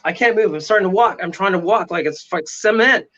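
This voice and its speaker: A man telling a dramatic story in an animated way during a casual interview, often asking "right?". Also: high-pitched, fairly quick, muffled recording. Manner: excitable, dramatic retelling with frequent "right?". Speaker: paranormal investigator guest.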